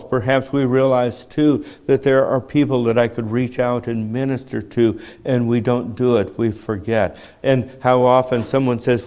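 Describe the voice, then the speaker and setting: In his seventies, a man preaches a sermon at a measured, reflective pace, often putting rhetorical questions to his listeners. His voice is mid-range with a darkish tone.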